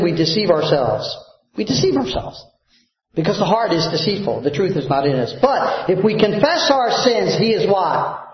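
Male pastor, fairly high voice, preaching and quizzing the room; heavy reverb, muffled lo-fi capture. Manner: asks the congregation fill-in questions. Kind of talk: sermon. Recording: very echoey, dull lo-fi sound.

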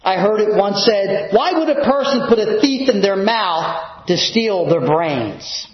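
A man's voice: high voice, lively intonation, measured pace. A man preaching a sermon to his congregation from the pulpit, asking the room rhetorical questions. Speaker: pastor. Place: church sanctuary. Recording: echoey, dull church recording.

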